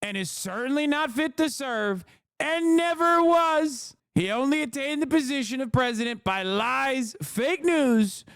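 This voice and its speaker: A man's voice: very high-pitched, expressive, a little slow, a bit bright, no room sound, studio quality, voice pushed up, exaggerated voice. A man putting on a blustering, boastful older male politician who rants emphatically. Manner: bombastic, emphatic ranting.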